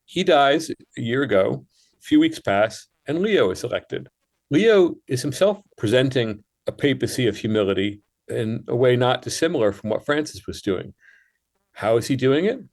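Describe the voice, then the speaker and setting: A man, a writer, speaking as a guest in a radio interview, explaining in a measured and thoughtful way. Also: mid-range voice, sing-song, darkish tone.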